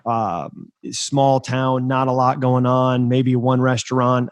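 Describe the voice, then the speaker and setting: A man hosting a podcast, telling a story in an emphatic, energetic way. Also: medium pitch, slow, no echo. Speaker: podcast host.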